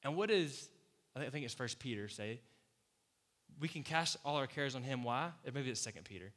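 A man preaching a casual, conversational sermon as pastor, animated, acting out quoted voices and laughing often. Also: medium pitch, brisk. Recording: long hall reverb.

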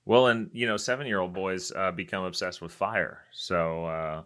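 A man's voice: low-pitched, fairly even intonation, normal speed, fairly bright tone. A man co-hosting a tech podcast, giving blunt, offhand opinions. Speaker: podcast co-host. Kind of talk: casual tech podcast chat.

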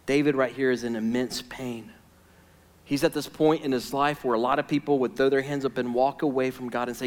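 A man preaching a sermon as pastor, emphatic and conversational, swinging between loud outbursts and hushed, intimate stretches. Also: mid-range voice, fairly even intonation, a little fast. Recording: long hall reverb.

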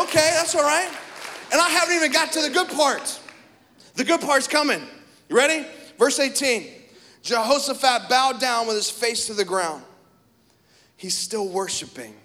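High-voiced, bright-toned man preaching. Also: long reverb tail. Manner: animated preaching, shifts from shouting to hushed. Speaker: pastor. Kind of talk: sermon. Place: church hall.

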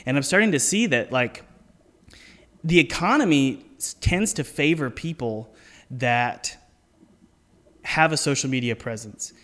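A man hosting a casual interview podcast, giving earnest advice and slowing down to stress his points. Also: mid-range voice, expressive, a bit bright, in a large hall. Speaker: podcast host and indie game developer.

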